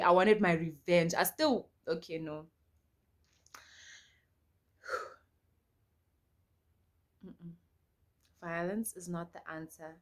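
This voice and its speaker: A young South African woman telling a personal story to her viewers in an animated, emphatic way, repeating lines for effect. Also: on the low side, drawn-out words, pauses often. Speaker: storytime vlogger. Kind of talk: casual storytelling to camera.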